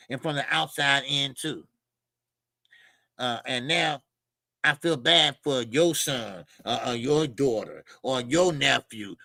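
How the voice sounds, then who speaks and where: A man's voice: mid-range voice, creaky, bright, forceful tone, no echo, low-quality recording. A male boxing show host, ranting heatedly and profanely on a livestream.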